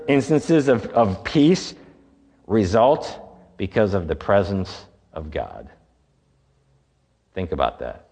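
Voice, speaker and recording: A man preaching a sermon in a relaxed, conversational way, asking rhetorical questions and answering them himself. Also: medium pitch, big-room sound. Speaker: pastor.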